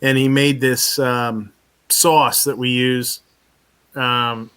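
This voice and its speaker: A man hosting a loose live chat, telling a long rambling story. He swears freely, laughs often, and talks at a medium pitch. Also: level tone, slow pace, fairly bright tone, clear, resonant tone. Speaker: podcast host. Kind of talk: casual chat.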